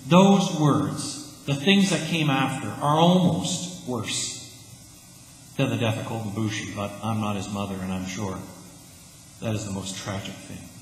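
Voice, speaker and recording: A man's voice: lowish voice, a little slow, a little hiss or hum. A man preaching a sermon in a church, earnest and emphatic in an easy, conversational way. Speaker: pastor. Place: church sanctuary. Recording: echoey church hall, faint ambience.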